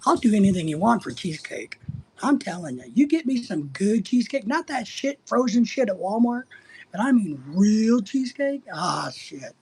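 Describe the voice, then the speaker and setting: A man's voice: high-pitched, sing-song, moderate pace, darkish tone, slight background noise. A middle-aged man hosting a casual livestream, reading out chat and rambling in a crude, joking way.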